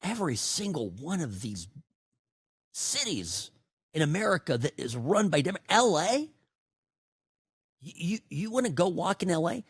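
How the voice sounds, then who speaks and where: A middle-aged man hosting a talk radio show, delivering an opinionated, sarcastic monologue that swings between loud outbursts and hushed asides. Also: fairly high pitch, sing-song, measured pace, long pauses, breathy edge, no room sound, clean studio sound.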